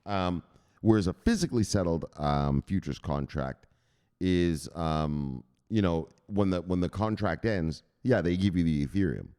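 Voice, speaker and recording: A man hosting a crypto news show, explaining in a rambling, excitable way, often laughing and correcting himself. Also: deep voice, a little slow, clear, resonant tone. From United States. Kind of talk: casual explainer monologue.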